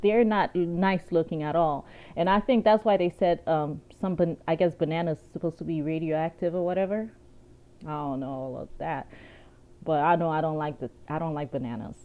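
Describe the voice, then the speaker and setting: A woman vlogger in casual chat, telling animated stories with laughs and asides. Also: sits low, normal speed. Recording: dull lo-fi sound.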